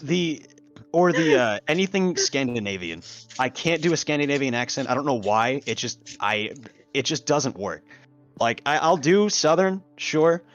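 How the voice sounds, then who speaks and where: A man's voice: medium pitch, expressive, moderate pace, highs cut off, faint music behind. A man talking casually as a guest on a podcast, laughing often and swearing now and then. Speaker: guest voice actor.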